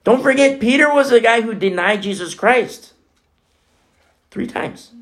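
A man preaching a sermon as pastor, animated and conversational, swinging between loud and hushed. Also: very high-pitched, unhurried. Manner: conversational, with many fillers like "you know" and "like".

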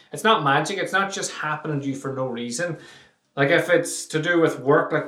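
A man hosting a solo podcast, blunt and swearing, mocking complaints with a fairly high voice. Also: fairly quick, a bit bright, roomy sound, far from the mic. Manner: blunt, swearing, mocks whiny questions. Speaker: podcast host.

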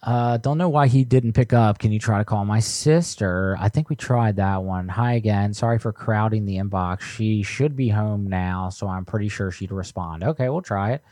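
A man's voice: on the low side, normal speed, hardly any pauses, darkish tone, no room sound, studio quality. A man hosting a prank call livestream, reading viewer messages aloud in laid-back banter. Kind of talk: casual livestream chat.

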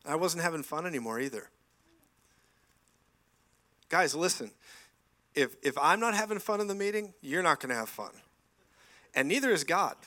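A man in his forties preaching a lively sermon in a church, telling stories with laughing asides and frequent bursts of praise. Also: fairly high pitch, moderate pace, long pauses. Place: church sanctuary.

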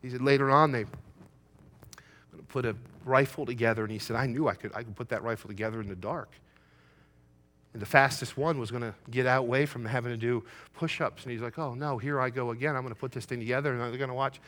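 Middle-aged man, pastor, bright ringing tone, preaches with loud emphatic build-ups, folksy storyteller. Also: mid-range voice, steady tone, fast talker. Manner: folksy storytelling, quoting his son. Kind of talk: sermon.

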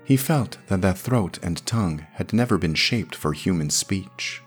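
A man reading a classic science fiction story aloud in a measured, descriptive storytelling manner. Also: sits low, lively intonation, breathy edge, faint music behind. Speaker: podcast narrator.

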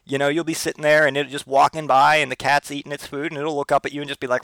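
A man's voice: a little high, level tone, fast talker, gravelly, hardly any pauses, a bit bright, dry recording. A man hosting a casual solo podcast, telling rambling, profane, comic stories. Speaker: podcast host.

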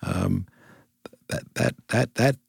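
Gravelly low-voiced older man. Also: takes it slowly, no echo. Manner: storytelling, earnest, repeats phrases in lists. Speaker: interview guest. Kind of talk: reflective conversation.

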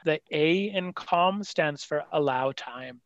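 Male psychologist guest, fairly high voice, dry and slightly dull podcast audio. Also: no echo. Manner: conversational, acts out parents and kids in quick voices. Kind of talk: podcast interview explaining.

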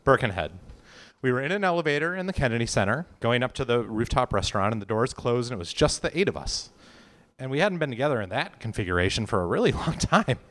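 A man reading first-person testimony aloud at a live reading, in an animated, amused storytelling manner. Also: mid-range voice, fast talker, in a large hall. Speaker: reader at a live oral-history reading.

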